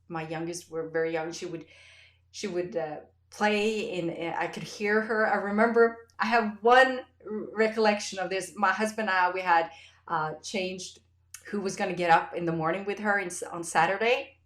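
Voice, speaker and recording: A woman podcast host chatting in an interview, effusive and telling stories with animated quoted voices. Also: mid-range voice, moderate pace, reverberant. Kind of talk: casual interview chat.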